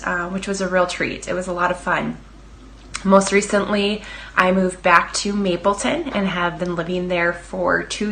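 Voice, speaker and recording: A woman's voice: mid-range voice, a bit bright, slight background noise. A woman in her thirties from Minnesota, a former pageant winner giving a reflective recorded greeting.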